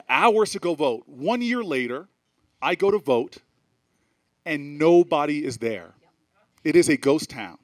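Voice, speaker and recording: A middle-aged man from New Jersey holds the floor before a live audience, and his voice sits a little high for a man. He talks in an animated, rhetorical way, building points through repetition and personal stories. He often restarts phrases and drops fillers as he goes. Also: a little fast. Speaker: politician speaking to a festival audience. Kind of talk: animated speech with storytelling.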